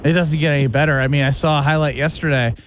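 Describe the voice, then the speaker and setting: A man's voice: fairly high pitch, steady tone, fast. A man hosting sports talk radio, bantering casually and teasing his co-hosts.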